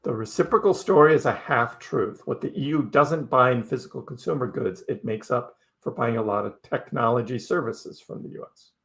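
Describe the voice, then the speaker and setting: A middle-aged crypto livestream host speaks a little fast with hardly any pauses, his mid-range voice gravelly and a bit bright. He chats casually with viewers, joking wryly and laughing often.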